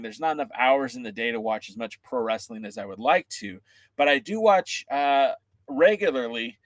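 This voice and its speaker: A man hosting a wrestling podcast in a casual livestream, excitable and joking as he chats with viewers' comments. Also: mid-range voice, no echo.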